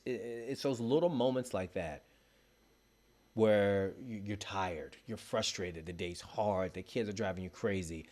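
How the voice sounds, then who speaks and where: Guy doing a heartfelt pep talk to camera, lowish voice, encouraging. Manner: earnest, encouraging, speaks straight to the listener. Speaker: motivational speaker. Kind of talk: motivational monologue.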